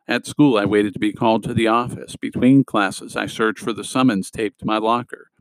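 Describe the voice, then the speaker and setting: Low-voiced man reading a novel aloud. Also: steady tone, moderate pace, no room sound, low-quality recording. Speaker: audiobook reader. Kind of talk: scripted narration of a novel.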